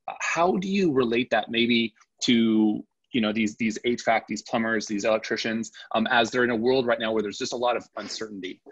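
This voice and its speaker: A man's voice: medium pitch, slightly rough, muffled recording. A man hosting an interview who asks long, rambling questions padded with fillers. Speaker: interview host.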